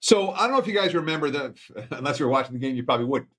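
A man's voice: a little high, lively intonation, rapid-fire, a bit bright. A man analyzing a game on a sports betting panel, telling it as a story with a chuckle here and there. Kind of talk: casual panel talk.

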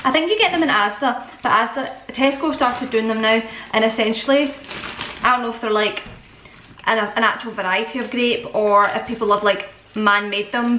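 Young scottish woman rambling at her phone in the car, kinda high voice, lots of road noise. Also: a bit bright. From Scotland. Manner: chatty, jokey, talks to herself and the camera. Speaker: vlogger. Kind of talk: casual vlog chat. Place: in a car and around home.

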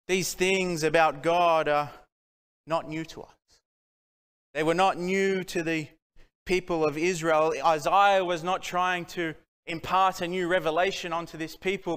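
A man's voice: high voice, a bit bright, clear, resonant tone. A man preaching a sermon from Australia, earnest and fond of rhetorical questions. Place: church hall. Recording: church hall with long reverb.

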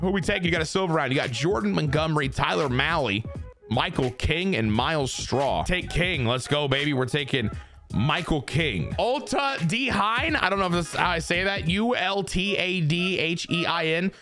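A man's voice: moderate pace, faint music behind. A man streamer giving casual, joking, profane commentary while playing a baseball video game. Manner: animated, joking and profane, pitch swinging widely. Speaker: gaming streamer.

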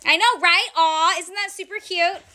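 A woman's voice: extremely high pitch, normal speed, pushed and bright. A woman hosting a casual live clothing sale, chatting to viewers and reading out sizes and prices. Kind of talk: casual live-stream selling chat.

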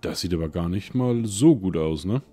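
A man from Germany casually commenting as he plays a video game, relaxed and musing to himself. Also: deep voice, moderate pace, slightly rough, soft background music. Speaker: let's play streamer.

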